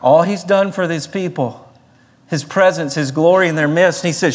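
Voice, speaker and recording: A man's voice: high-pitched, expressive, normal speed. A man preaching a sermon as pastor, building in intensity and acting out the people he quotes. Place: church sanctuary. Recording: reverberant church sanctuary.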